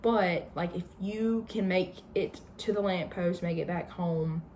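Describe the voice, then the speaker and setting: A woman voicing a gentle, fearful male fawn who speaks in a soothing, pleading way. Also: fairly low pitch, a little slow, a little hiss or hum, natural voice. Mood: anxious, earnest.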